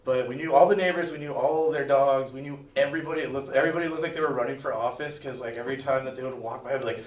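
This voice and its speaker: A man's voice: medium pitch, fairly even intonation, rapid-fire, few pauses. A man from Miami tells a personal story at a live storytelling night, talking loosely with lots of fillers, recorded in an echoey room from far off. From Miami, USA. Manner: rambling, loose, full of "like" fillers. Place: museum event room, live audience.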